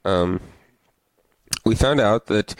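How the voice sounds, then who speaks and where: A man's voice: fairly low pitch, slow, clean tone, no room sound, low-quality recording. A man co-hosting a podcast, chatting casually and rambling about movies and beer. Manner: relaxed, rambling, reads beer labels aloud. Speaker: podcast co-host. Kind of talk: casual chat.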